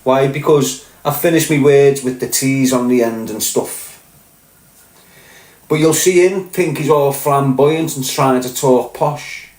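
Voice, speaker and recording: A man's voice: mid-range voice, measured pace, a little mellow. Blunt Scouse man, echoey room. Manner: blunt, swearing, keeps asking "do you get what I'm saying". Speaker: podcast host. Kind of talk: casual monologue to camera.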